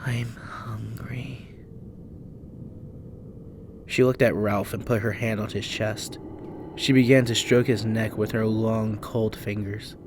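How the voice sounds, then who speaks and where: A man narrating a horror story in a measured, hushed storytelling manner. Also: lowish voice, level tone, background noise. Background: faint background music.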